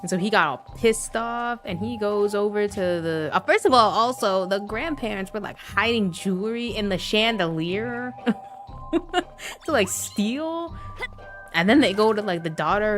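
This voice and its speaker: A woman's voice: medium pitch, moderate pace, faint music behind. Rambling young woman streamer, laughing often. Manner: rambling and animated, laughing often, with many filler words. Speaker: gaming streamer. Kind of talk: casual livestream chat.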